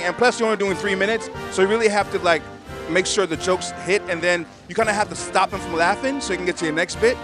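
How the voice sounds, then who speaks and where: A male comedian chatting casually in an interview, relaxed and self-deprecating. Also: sits high.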